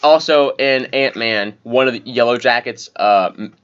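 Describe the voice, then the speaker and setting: A man's voice: mid-range voice, moderate pace, a bit bright, clean tone. A man co-hosting a casual podcast, reading out movie details in a chatty way. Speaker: podcast co-host. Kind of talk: casual chat, reading notes. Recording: dull lo-fi audio.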